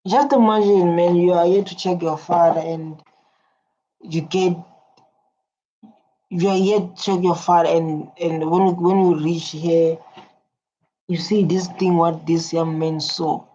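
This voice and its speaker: Woman, earnest, repetitive, hums along, mellow tone, muffled recording. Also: fairly low pitch, fairly even intonation, a little slow, pauses often. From South Africa. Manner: earnest, repeats herself, hums along while listening. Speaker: reaction video host. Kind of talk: emotional reaction commentary. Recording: dull lo-fi audio with faint noise.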